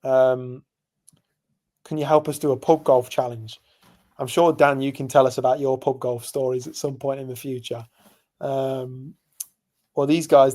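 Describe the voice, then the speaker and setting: A man's voice: mid-range voice, dark tone. A young man from England, co-hosting a podcast, telling a long story in casual chat with lots of ums and asides. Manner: rambling storyteller, many fillers. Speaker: podcast co-host.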